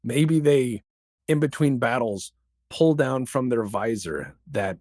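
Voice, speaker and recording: A man guest on a podcast, talking casually and firing off rhetorical questions in a lively way. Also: medium pitch, no room sound, clean studio sound. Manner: animated, rapid-fire rhetorical questions. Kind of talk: casual interview chat.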